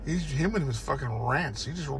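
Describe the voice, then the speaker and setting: A man's voice: medium pitch, expressive, moderate pace, fairly bright tone, a little hiss or hum. A man in casual chat, telling a rambling story with lots of swearing, recorded in a car. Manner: storytelling with lots of swearing, acts out panicked ant voices. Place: inside a parked car.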